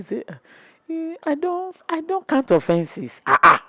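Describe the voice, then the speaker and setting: A woman's voice: on the high side, normal speed, no echo. A woman in her sixties, telling stories about her marriage in an interview and acting out what was said. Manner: animated storyteller acting out quotes. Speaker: interview guest, wife. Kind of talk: storytelling interview chat.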